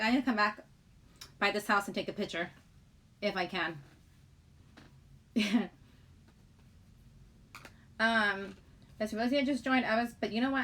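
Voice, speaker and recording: A middle-aged woman with a fairly high, fairly bright voice chats away on her livestream. Rambling and giggling, she welcomes viewers in the chat.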